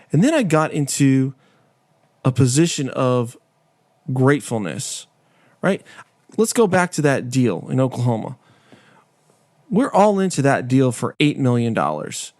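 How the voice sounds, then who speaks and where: The podcast host's mid-range voice is a little mellow, and there's no room sound in the recording. He offers a personal story as a relaxed monologue, honest and conversational, with plenty of self-deprecation.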